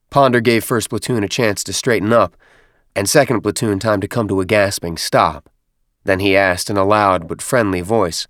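A man narrating an audiobook in a steady, even storytelling delivery. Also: sits low, normal speed, dry recording, clean studio sound. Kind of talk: scripted narration.

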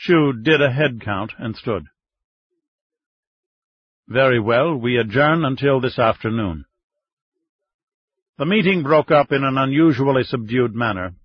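A man reading a thriller audiobook in a steady, even way, on slightly dull, muffled audio. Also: medium pitch, slightly rough. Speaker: audiobook narrator. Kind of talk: scripted thriller narration.

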